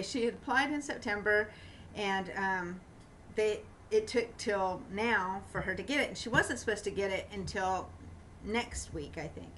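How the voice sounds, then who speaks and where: A woman telling a long personal story in a casual vlog, rambling with many fillers and restarts and getting animated when she quotes others. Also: medium pitch, distant mic, a little hiss or hum, poor audio. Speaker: vlogger.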